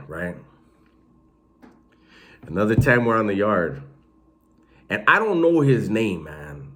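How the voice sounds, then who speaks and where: A man casually telling stories about prison life in a slangy, animated way, swearing freely. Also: fairly low pitch. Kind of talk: casual storytelling.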